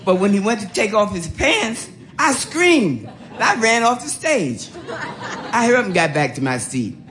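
A woman's voice: medium pitch, moderate pace. Older New woman telling stories. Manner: animated, laughing, acts out voices. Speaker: storyteller. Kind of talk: told life story. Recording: roomy echo.

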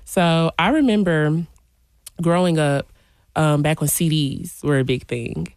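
A woman in her late twenties, a DJ, guest on a radio show, talking in an animated, chatty way with playful asides. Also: low voice, a little slow, no room sound, studio quality. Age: late 20s. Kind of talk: radio interview. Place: radio studio.

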